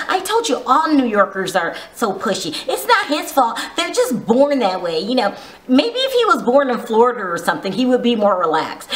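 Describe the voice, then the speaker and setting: A woman's voice: on the high side, a bit bright, echoey room. A woman giving a casual, gossipy recap of a reality show, teasing and full of asides. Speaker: vlogger reviewing a reality show.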